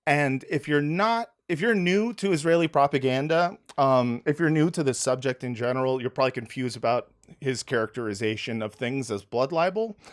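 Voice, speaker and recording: A man's voice: mid-range voice, normal speed, few pauses. A man hosting a podcast in casual, sarcastic comedic chat, with lots of fillers. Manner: sarcastic, animated, filler-heavy. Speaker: podcast host.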